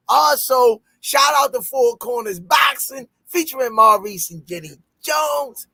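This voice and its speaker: A man with a Baltimore accent hosting a casual podcast and reading sponsor shout-outs, loud and playful, breaking into high shouts when he jokes. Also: big pitch swings, a little slow, dry recording. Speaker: podcast host.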